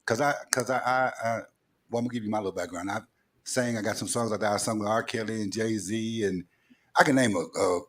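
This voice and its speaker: A man's voice: fairly low pitch, fast talker. A man with a Southern accent hosting a casual interview, playful and rambling, repeating his phrases as he goes. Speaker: talk show host.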